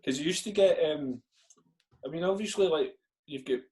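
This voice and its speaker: Male podcast guest, Scottish accent, relaxed and chatty, slightly higher voice. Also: moderate pace. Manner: easygoing, says "aye" a lot. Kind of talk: casual chat.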